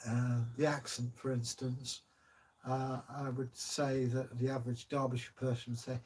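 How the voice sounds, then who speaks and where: A man's voice: mid-range voice, level tone, normal speed, darkish tone, slightly rough. An older man from Kent with a southern English accent, chatting casually on a livestream as channel host, rambling with many hesitations. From Kent, England.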